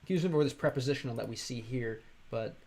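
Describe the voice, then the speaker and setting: A man's voice: mid-range voice, a little mellow. Rambling American man streaming casually. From Chicago, USA. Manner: rambling, halting, with many fillers and restarts. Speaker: streamer and language learner. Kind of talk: casual livestream chat.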